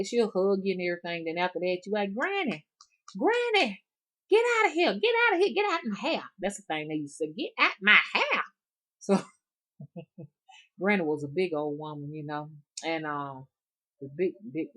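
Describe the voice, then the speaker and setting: A middle-aged woman with an Alabama accent telling family stories in a folksy, meandering way, full of repetitions and digressions. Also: deep voice. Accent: Southern US, Alabama. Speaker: rootworker and storyteller. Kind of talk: casual spoken storytelling.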